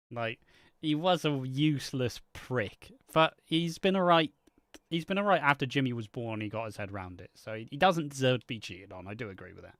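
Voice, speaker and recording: A man's voice: medium pitch, animated, moderate pace, pauses often, a bit bright, dry recording. Blunt, sweary man chatting. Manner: blunt and sweary, laughs easily. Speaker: co-host reacting to a soap episode. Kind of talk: casual watch-party chat.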